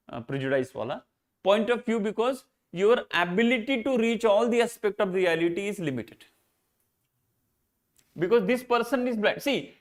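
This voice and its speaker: With a higher voice and an Indian English accent, this man teaches philosophy in a live exam-prep session. Rhetorical questions followed by his own answers drive his explanations, while he circles back to rephrase important points and lapses into Hindi.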